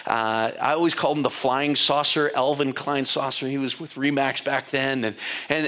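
This sermon comes from a pastor whose voice sits on the high side. He addresses his congregation in a lively, chatty way, frequently starting over and slipping in side remarks.

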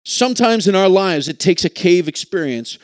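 Earnest male pastor, higher voice. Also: animated, moderate pace, no room sound, studio quality. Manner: earnest, reflective, with occasional restarts. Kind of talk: sermon.

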